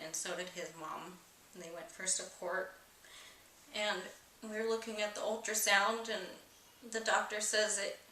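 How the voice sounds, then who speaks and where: A woman's voice: lowish voice, bright, forceful tone. A young woman candidly telling a personal, emotional story in a vlog, rambling with many fillers. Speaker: vlogger. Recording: echoey room, distant mic, faint hiss.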